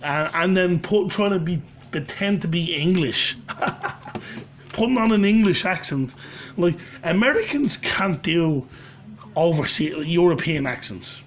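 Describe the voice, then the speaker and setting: Dublin man, a bit high-pitched, angry sweary monologue, faint noise floor. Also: lively intonation, a little slow. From Ireland. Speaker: channel host. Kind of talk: ranting monologue.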